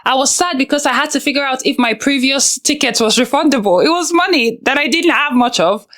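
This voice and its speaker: A young woman with a high voice talks straight to the viewer, coaching them through painful feelings. She is earnest and direct, with frank personal asides woven into her advice. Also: fairly quick, a bit bright. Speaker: self-help video host. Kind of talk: direct-to-camera advice talk.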